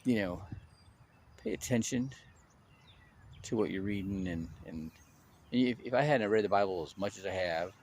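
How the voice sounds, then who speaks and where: A man talking casually on his own channel, an animated storyteller who restarts his sentences often and stresses his points. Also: fairly low pitch, normal speed, long pauses, slight background noise.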